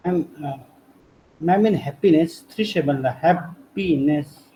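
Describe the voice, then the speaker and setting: A man's voice: a little high, mellow. A man, a student asking hesitant questions in an online class. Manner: hesitant, halting. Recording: dull lo-fi call audio.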